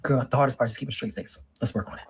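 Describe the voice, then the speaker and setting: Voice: mid-range voice, racing, husky, rough recording. A performer playing a sassy middle-aged woman who lectures on dating in a comedic monologue and keeps calling the listener girl and honey. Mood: sassy lecturing. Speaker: relationship advice monologue.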